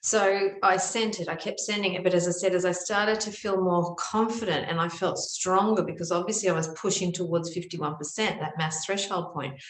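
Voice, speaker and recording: Low-voiced woman telling a dramatic spiritual story. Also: fairly even intonation, moderate pace, hardly any pauses. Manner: dramatic, drops to a whisper for inner thoughts. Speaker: spiritual teacher. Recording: echoey room.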